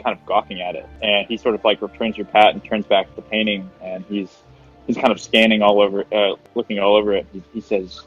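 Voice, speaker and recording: A man's voice: fairly low pitch, flat delivery, brisk, breathy edge, lo-fi sound, faint music behind. A man narrating a tabletop game as game master in a rambling, hesitant way. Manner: rambling, filler-heavy, hesitant.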